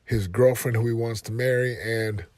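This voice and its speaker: A man in his thirties hosting a motivational podcast from his car, talking earnestly and rising to loud, passionate emphasis. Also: mid-range voice, fairly even intonation, normal speed, no room sound. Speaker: podcast host and life coach.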